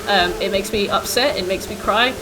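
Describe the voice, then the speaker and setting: A woman's voice: mid-range voice, normal speed, noisy background. Rambling woman streamer. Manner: rambling and chatty, full of "like" and "um". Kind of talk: casual chat with viewers while gaming.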